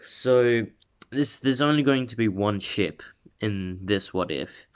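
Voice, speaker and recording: A man's voice: lowish voice, slow pace, clear, resonant tone. A man casually narrating an unscripted fan story, rambling with frequent restarts and fillers.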